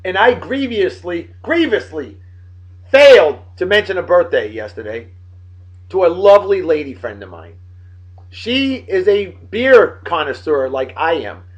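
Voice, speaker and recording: Man, late 30s, beer vlog host; boisterous and self-hyping, slightly high voice. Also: very animated, normal speed, dull audio. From Martha's Vineyard, Massachusetts. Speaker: host of a beer-of-the-day show. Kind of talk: casual beer-tasting vlog.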